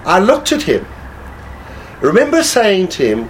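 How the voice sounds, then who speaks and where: A man with a fairly high voice that swoops up and down as he spins a story, chuckling between lines. He talks casually as a guest. Faint noise hums behind him. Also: unhurried, rough recording. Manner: animated storyteller, laughs while talking. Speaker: guest telling stories. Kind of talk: casual anecdote telling.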